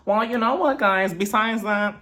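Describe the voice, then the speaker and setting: A man doing a shrill, giddy reality-star woman. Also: normal speed, bright, forceful tone. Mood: scheming, giddy. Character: airy, dramatic middle-aged woman reality star.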